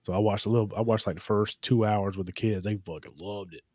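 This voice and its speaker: A man's voice: on the low side, fast, a little mellow, no echo, clean studio sound. A man in his thirties co-hosting a podcast, telling loose, profane, rambling stories in casual chat. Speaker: podcast co-host.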